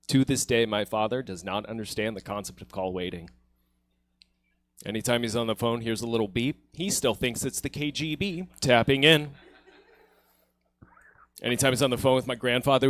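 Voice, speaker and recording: A man's voice: mid-range voice, fairly bright tone, no echo. A man born in Ukraine doing a playful, self-deprecating stand-up set on a comedy theater stage.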